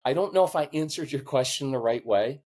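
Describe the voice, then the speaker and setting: A man's voice: medium pitch, fairly quick. A middle-aged man, a parenting coach being interviewed, telling stories earnestly and getting choked up with emotion. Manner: earnest, emotional, animated storytelling. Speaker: podcast guest, parenting coach. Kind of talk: conversational interview.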